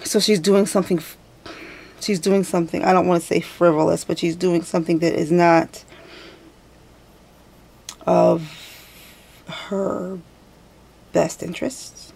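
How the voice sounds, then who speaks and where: A woman's voice: on the low side, fairly even intonation, measured pace, gravelly, pauses often, darkish tone, slightly rough. A woman giving a casual tarot reading to her viewers, chatty and thinking aloud as she goes, often correcting herself. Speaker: tarot reader.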